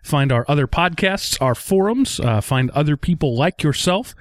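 A man's voice: on the high side, lively intonation, dry recording. Man co-host, dry close sound. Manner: brisk plugs, stumbling over words. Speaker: podcast co-host. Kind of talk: casual podcast chat.

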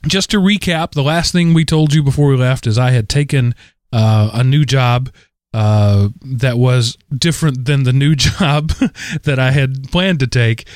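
A man in his forties, co-hosting a podcast, telling a rambling, animated story full of fillers. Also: mid-range voice, unhurried, dry recording, clean studio sound. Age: 40s. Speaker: podcast co-host. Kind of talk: casual chat.

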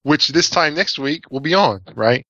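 A man's voice: fairly high pitch, animated, normal speed, sharp tone, dry recording, dull audio. A man co-hosting a casual podcast, teasing the host in a wry way.

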